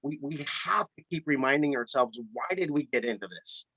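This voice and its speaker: A man who runs a flower shop, telling a story in a relaxed interview with plenty of repeated words. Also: medium pitch, a little fast. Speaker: florist and shop owner. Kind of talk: casual storytelling in a podcast interview.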